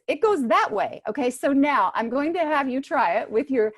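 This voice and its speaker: A woman voice teacher giving brisk, encouraging instructions to singers in an online workshop, heard over a video call microphone. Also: high-pitched, animated. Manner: brisk, encouraging coaching with spoken demonstrations.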